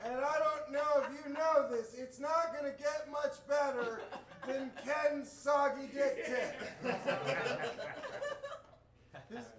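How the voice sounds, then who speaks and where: A man's voice: very high voice, far from the mic. A man hosting a comedy show, playful and teasing as he works the crowd. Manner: loose, playful, teasing the audience. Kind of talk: emceeing and crowd work. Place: comedy club stage. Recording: echoey club room heard from off-mic, crowd audible.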